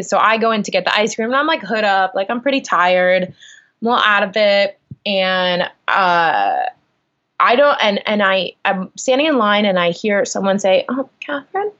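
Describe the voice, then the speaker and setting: A young woman tells a long personal story in a loose, chatty way, piling on fillers and animated asides. Her voice sits at an ordinary pitch for a woman. The sound is somewhat dull and lo-fi. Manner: animated, lots of likes and ums. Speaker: guest. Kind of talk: casual storytelling.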